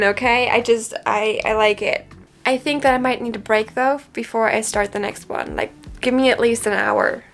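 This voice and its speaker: Chatty dramatic girl talking books in her bedroom, pretty high voice, a little music in the back. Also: fairly bright tone. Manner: chatty and dramatic, often tearful. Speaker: book vlogger. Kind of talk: casual chat to camera.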